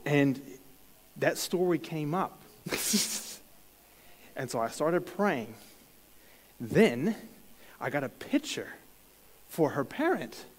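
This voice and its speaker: A fairly high-voiced man tells a personal faith story to a congregation, stumbling over restarts and laughing at himself. His voice rings out with the long reverb of a large church hall. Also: very animated, takes it slowly, long pauses. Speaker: church speaker sharing a testimony. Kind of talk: sermon-style personal story.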